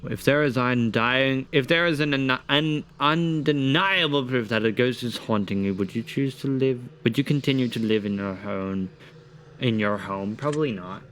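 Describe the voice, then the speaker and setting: A man with a bright, forward voice reads personality-quiz questions on a live stream and answers each one himself. His talk is loose and casual, with swearing mixed in. A faint hiss sits under the voice. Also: medium pitch, normal speed.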